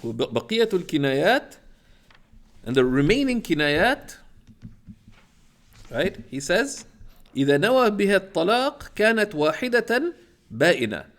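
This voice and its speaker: A man's voice: high voice, big pitch swings, quick pace, pauses often, fairly bright tone. A man teaching a class from a legal text. He reads Arabic passages aloud, explains them with many fillers and restarts, and keeps checking in with "right?".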